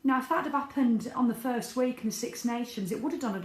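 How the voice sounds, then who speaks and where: A woman's voice: on the high side, fast. Woman, middle-aged, candid diary-style vlogger, roomy echo. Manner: chatty, candid, swears freely. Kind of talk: casual video diary. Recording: echoey room.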